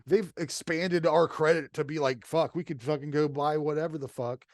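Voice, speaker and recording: A man's voice: a little high, fairly even intonation, moderate pace, darkish tone, no echo, studio quality. A man telling stories in casual podcast chat, swearing often and getting heated. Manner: profane, heated storytelling. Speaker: podcast co-host.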